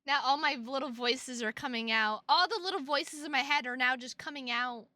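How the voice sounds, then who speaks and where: High bright-voiced playful woman streamer. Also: moderate pace, no echo. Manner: playful, dramatic, swears a lot. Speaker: VTuber streamer. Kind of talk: casual live-stream chat.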